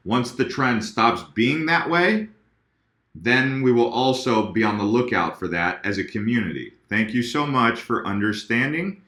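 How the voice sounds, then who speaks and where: Male video host, casual and direct with viewers, bright tone, roomy echo. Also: mid-range voice, expressive, measured pace. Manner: chatty, addresses viewers directly, self-corrects. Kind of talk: casual chart talk to viewers.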